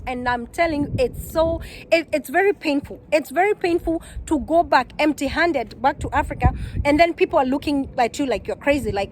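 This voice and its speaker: A woman's voice: high-pitched, a little fast, a little hiss or hum, rough recording. A Kenyan woman giving earnest, heartfelt advice in a casual vlog, often repeating her points. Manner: earnest, repeats herself, animated quoting. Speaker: vlogger.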